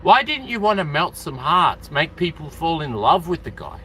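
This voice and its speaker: A man's voice: high voice, big pitch swings, moderate pace, hardly any pauses, bright, forceful tone, slight background noise. A man from Australia chatting casually on a live stream, rambling and calling out to viewers by name.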